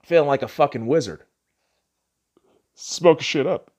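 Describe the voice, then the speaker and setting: A man's voice: fairly high pitch, a little slow, darkish tone. A young man hosting a solo podcast, ranting profanely and arguing back at himself. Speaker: podcast host.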